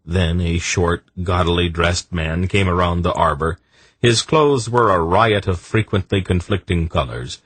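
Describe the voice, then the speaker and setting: A man narrating an audiobook in a measured, expressive storytelling manner. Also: low voice, slightly rough, no room sound.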